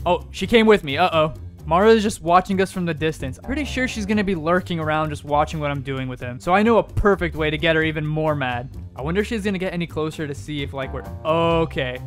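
A young man with a high, light voice runs through an excitable, mischievous gameplay commentary, talking straight to his viewers. Faint music plays underneath. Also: fast talker. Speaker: gaming YouTuber.

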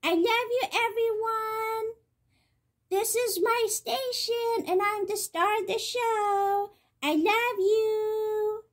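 A proud, playful little male pet cat speaks in a squeaky, gushing baby voice that sits very high, as a woman puts it on. His sound is thin and unlike an ordinary speaking voice. He bubbles with delight at everything around him. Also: steady tone, slow pace. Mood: doting.

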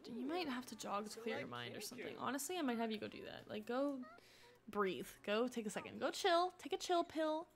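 A woman's voice: fairly high pitch, animated, fairly quick, crowd noise. A young woman streaming a life-sim game, chatting and coaxing her characters along with frequent laughs. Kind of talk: casual gameplay commentary.

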